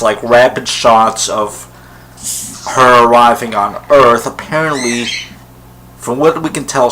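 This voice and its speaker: A man with a bright, forceful voice speaks slowly and unhurriedly to camera in a casual vlog. He rambles with enthusiasm, full of ums and restarts. A faint hum sits behind him. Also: mid-range voice, poor audio. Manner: rambling, enthusiastic fan talk with many fillers. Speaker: vlogger. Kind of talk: casual solo vlog commentary.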